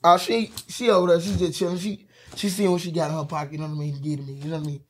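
A man chatting loudly and boastfully in heavy slang, repeating his catchphrases with excitement. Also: on the high side, rapid-fire, husky. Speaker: podcast guest rapper. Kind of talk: loud boastful casual chat.

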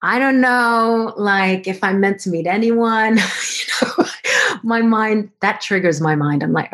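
A woman guest on a podcast telling a personal story in an animated way, acting out both sides of remembered conversations. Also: medium pitch, unhurried. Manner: animated, acts out both sides of dialogue in quoted voices.

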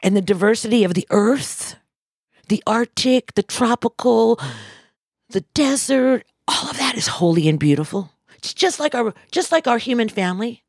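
A woman's voice: fairly high pitch, expressive, normal speed, breathy edge, no room sound, studio quality. A woman from Missouri giving an impassioned motivational speech, emphatic and repetitive, speaking from the heart. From Missouri, USA.

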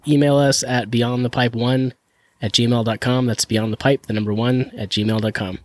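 A man's voice: medium pitch, level tone, moderate pace, a little mellow. Upbeat man doing a podcast sign-off. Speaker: podcast host. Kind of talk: podcast outro.

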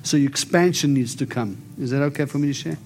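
A man's voice: fairly high pitch, quick pace, darkish tone, a little hiss or hum. A man preaching and prophesying over a congregation, emphatic and declaring, often coaxing his listeners to respond. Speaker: preacher giving prophetic ministry. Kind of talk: charismatic sermon and prophecy.

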